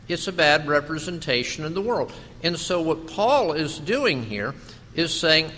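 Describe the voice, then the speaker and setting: Male pastor, slow deliberate delivery, bright forceful tone, big church reverb. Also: a little high, expressive, slight background noise. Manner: slow, emphatic preaching with rhetorical questions. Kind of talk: sermon.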